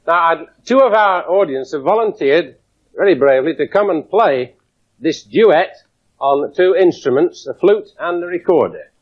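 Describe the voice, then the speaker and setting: Male science lecturer, slightly high voice, wry and demonstrative, muffled 1970s broadcast sound. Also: normal speed. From England. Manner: lively, wry demonstrating with audience. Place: lecture theatre with audience. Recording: dull 1970s broadcast recording.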